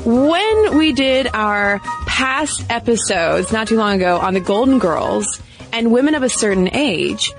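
A woman's voice: on the high side, big pitch swings, a little slow, over music. A woman co-hosting a podcast in a chatty, playful way, talking casually and laughing easily. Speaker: podcast co-host. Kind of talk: casual chat.

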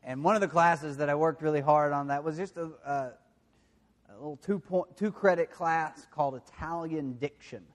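A Southern pastor with a Southern accent preaches a sermon, telling self-deprecating stories that settle into quiet, confessional moments. His voice is a little high and he keeps a moderate pace.

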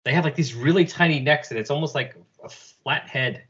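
A man's voice: fairly high pitch, fairly quick, a bit bright, slightly rough, muffled recording. A man co-hosting a podcast, describing things casually with hesitant fillers. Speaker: podcast co-host. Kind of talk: casual conversation.

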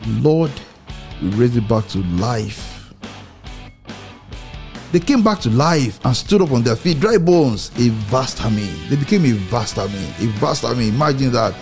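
A man preaching a sermon, repeating phrases for emphasis, with swings in pitch and pace. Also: lively intonation, unhurried, a little mellow, soft background music.

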